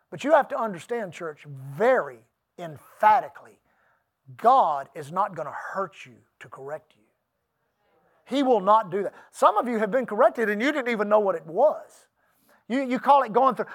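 A middle-aged man, pastor of the church, preaches to his congregation with a sing-song delivery at a moderate pace. His fairly bright voice is high for a man, and his storytelling is folksy and emphatic, punctuated by asides to the listeners.

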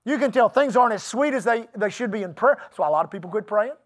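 Folksy pastor preaching, high voice. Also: male voice, lively intonation, quick pace. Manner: storytelling, folksy and emphatic, with laughs and asides to the congregation. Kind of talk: sermon.

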